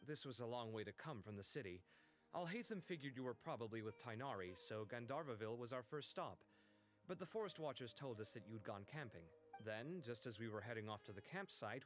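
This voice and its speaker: A man voicing an excitable young architect whose pitch swings widely as he rattles on. He tells things in a chatty, expressive flow. Faint game music sits under him. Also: lightly acted. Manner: chatty, animated storytelling.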